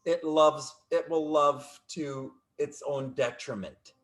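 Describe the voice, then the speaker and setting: A man's voice: fairly high pitch, steady tone, takes it slowly. A man coaching in casual conversation, speaking in emphatic, repetitive affirmations over a video call. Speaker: life coach.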